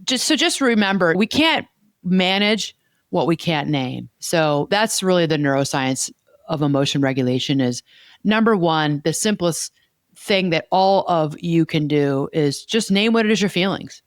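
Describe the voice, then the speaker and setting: A woman's voice: deep voice, animated, moderate pace, dry recording, studio quality. A woman hosting a podcast as a therapist, talking earnestly and explaining, repeating key words as she goes. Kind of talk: conversational podcast chat.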